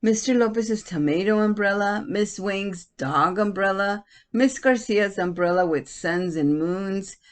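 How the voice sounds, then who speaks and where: A woman's voice: mid-range voice, measured pace. A woman teacher reading a picture book aloud to children. She stops often to ask her listeners questions.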